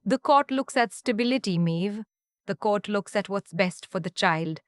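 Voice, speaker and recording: A man's voice: sits high, expressive, moderate pace, clean tone, no echo. A smug, scheming ex-husband , voiced by a woman, sounds pleased with himself as he taunts. It is a storybook reading with a close, dry sound. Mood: taunting.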